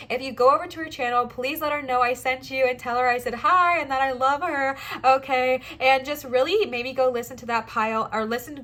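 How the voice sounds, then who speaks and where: A woman's voice: high voice, a bit bright. A woman giving a casual pick-a-card tarot reading, speaking in enthusiastic, encouraging bursts full of affirmations and chatty asides to her viewers. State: out of breath at times. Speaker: tarot reader, channel host.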